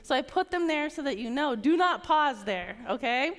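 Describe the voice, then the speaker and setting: A woman with a high voice coaches a packed conference crowd on a stage mic, stopping often to check everyone is with her. Her words ring out with a long hall reverb. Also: lively intonation, moderate pace, a bit bright. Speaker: sales trainer.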